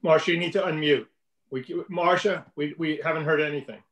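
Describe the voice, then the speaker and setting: High-voiced man lecturing on a video call. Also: fairly bright tone, rough recording. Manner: measured, explanatory, addresses students by name. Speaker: teacher.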